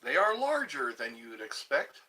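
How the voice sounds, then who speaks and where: Eating as he goes, this man hosts a casual live chat, slowly rambling through greetings and viewer comments and restarting words along the way. His voice sits in the mid range, with sharp tone and wildly swooping pitch.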